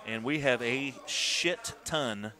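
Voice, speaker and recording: Male co-commentator, bright tense voice, casual banter with sudden shouting. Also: mid-range voice, slow pace. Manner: excitable, swearing, bursts into shouts. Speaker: stream commentator.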